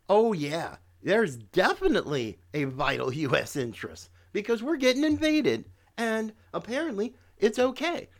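A woman hosting a political talk show, giving a combative, sarcastic monologue aimed at her listeners. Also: mid-range voice. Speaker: podcast host.

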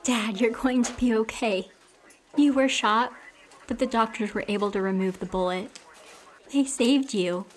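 Woman as a soft-spoken, reassuring young daughter at a hospital bed, slightly high voice, for an audio story. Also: unhurried, close to an everyday voice. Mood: tender.

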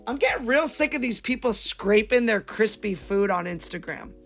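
Gravelly man ranting on a podcast. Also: high-pitched, normal speed, faint music behind. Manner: animated ranting, emphatic. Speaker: podcast co-host. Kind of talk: casual podcast chat.

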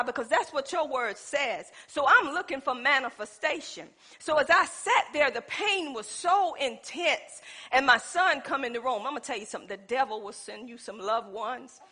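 A middle-aged woman pastor preaching a sermon. She tells stories to the congregation, moving between loud declarations and hushed asides. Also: sits high. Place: church.

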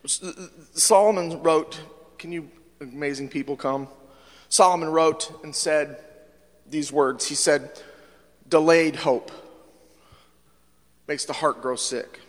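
A man preaching in a church, his voice pitched high and lively. He drops to near-whispers and then climbs into loud, impassioned calls. The sound rings with a long reverb through the sanctuary. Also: slow, long pauses. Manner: animated preaching, swings from hushed to loud. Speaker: pastor. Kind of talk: sermon.

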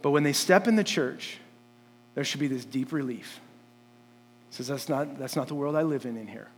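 A man's voice: mid-range voice, moderate pace, long reverb tail, slight background noise. A man preaching a sermon in a church, talking conversationally with many fillers and restarts, and building up to emphatic points. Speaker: pastor. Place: church sanctuary.

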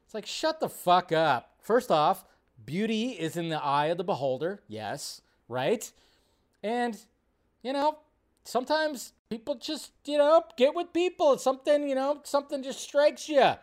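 A man hosting a live stream in casual commentary, animated, swearing freely and mocking others in exaggerated voices. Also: very high-pitched, measured pace. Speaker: show host.

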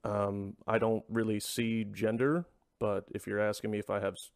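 Brief: low, gravelly man hosting a podcast, dry sarcastic delivery. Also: normal speed, no room sound. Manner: deadpan, sarcastic. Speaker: podcast host. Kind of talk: casual podcast chat.

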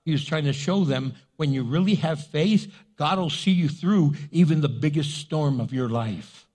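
A man pastor preaching a sermon in an animated, jokey way. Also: fairly high pitch, normal speed.

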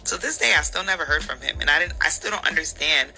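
Bright exasperated woman telling a story. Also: sits low, fast, gravelly, faint music behind, low-quality recording. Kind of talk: casual storytime.

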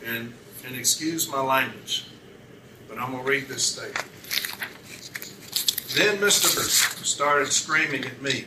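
In an echoey room recorded on a distant mic with background noise, a man acting as union advocate at an arbitration hearing speaks at medium pitch with a measured pace and frequent pauses. He questions a witness methodically, reads documents aloud, and corrects page numbers.

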